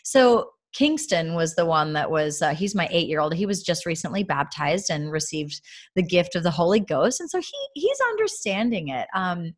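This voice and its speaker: Animated woman telling a faith story. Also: sits low. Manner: animated storytelling, laughs often, drops to soft quiet tones. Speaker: mother sharing a faith lesson. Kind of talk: casual faith talk to viewers.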